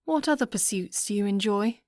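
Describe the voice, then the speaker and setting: A woman reading a proud, spirited young noblewoman with a poised, sharp manner, in an audiobook. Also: mid-range voice, lively intonation, normal speed, no room sound, clean studio sound, lightly acted.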